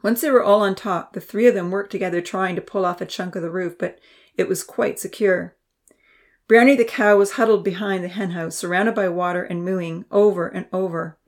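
A woman narrating a children's storybook, voicing the characters with a higher pitch and dropping to a whisper for quiet thoughts. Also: steady tone, moderate pace. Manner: reads characters' lines with raised pitch and soft whispers.

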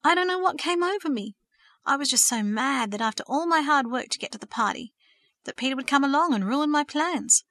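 Remorseful young man, tearful and pleading, voice shaking, read by a woman narrator in a bright, close, dry tone. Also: high-pitched, expressive, brisk, no echo, voice pushed up. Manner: shaky, sobbing pleas.

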